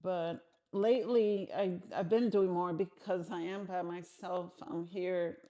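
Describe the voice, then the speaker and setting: A woman's voice: fairly low pitch, steady tone, unhurried, mellow. A middle-aged woman answering interview questions frankly and conversationally, often restarting her sentences.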